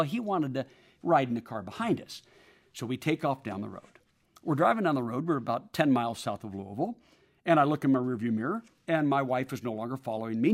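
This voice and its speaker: A man telling a personal story in a sermon-like way, acting out the voices of the people in it. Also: on the high side. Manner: animated, acts out quoted voices.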